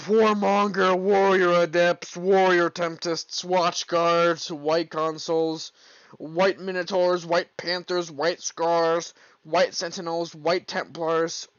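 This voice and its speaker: A young man hosting a solo podcast stream, swearing a lot, rambling, and breaking into exasperated yelling when alone at home. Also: sits high, clean tone, no room sound, dull audio. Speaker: podcast host. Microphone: streaming mic, leaning back from it.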